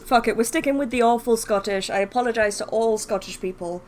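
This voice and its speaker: A woman's voice: on the high side, brisk, a little mellow, soft background music. A woman streaming a game live, chatting casually with viewers, swearing freely and joking about herself. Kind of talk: live-stream gameplay commentary.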